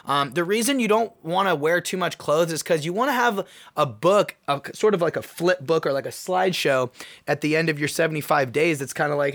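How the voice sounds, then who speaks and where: A young man hosting his own podcast, telling a personal story in an animated, excitable way. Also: a little high, fairly quick. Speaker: podcast host. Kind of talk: casual solo podcast monologue.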